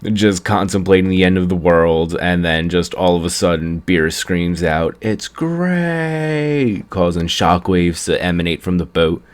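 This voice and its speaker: A man's voice: low-pitched, smooth. A young man casually recapping an anime episode in a rambling way, chuckling at the story as he goes. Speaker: anime reviewer.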